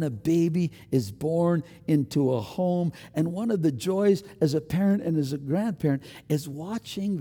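High-voiced older male preacher. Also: long reverb tail. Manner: earnest preaching with wide swings from loud to hushed. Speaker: pastor. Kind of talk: sermon.

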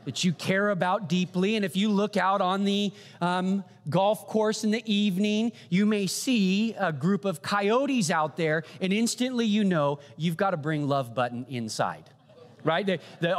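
A man preaching a sermon, animated, often asking the audience "right?" and posing rhetorical questions. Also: sits high. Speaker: pastor. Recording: long hall reverb.

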